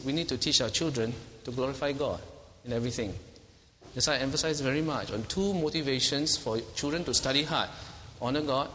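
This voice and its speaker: Man, sermon, emphatic, repeats words, bright tone, faint room ambience. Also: medium pitch, big-room sound, a little hiss or hum, low-quality recording. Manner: animated, emphatic, repeats words, laughs while preaching. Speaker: preacher.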